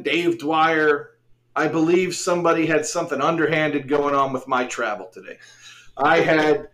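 A man's voice: a little high, a bit bright. A man hosting a casual podcast, joking around in a mock sportscaster way and laughing often. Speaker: podcast host.

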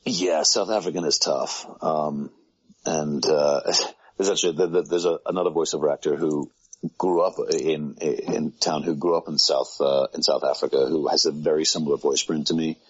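A man's voice: steady tone, normal speed. A man, a voice actor guest, chatting casually and self-deprecatingly with rambling restarts. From United Kingdom. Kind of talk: casual conversation. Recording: muffled low-fidelity sound.

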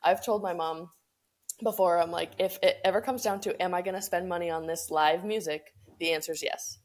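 A woman's voice: on the low side, steady tone, fairly quick. A young woman co-hosting a podcast, chatting casually with lots of "like" fillers and easy laughs. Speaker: podcast co-host. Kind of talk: casual chat.

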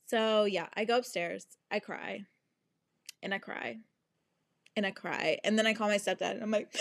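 A woman's voice: mid-range voice, moderate pace. A young adult woman hosting a podcast, telling a story in a casual monologue full of swearing and sing-song asides. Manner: animated, swears often, breaks into laughs and sing-song asides. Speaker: podcast host.

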